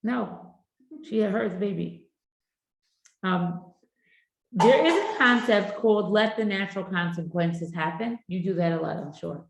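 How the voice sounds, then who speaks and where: Lively middle-aged woman teaching a class. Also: medium pitch, measured pace, vocal fry, pauses often. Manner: lively storyteller who acts out family dialogue. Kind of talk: lecture with anecdotes. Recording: echoey room.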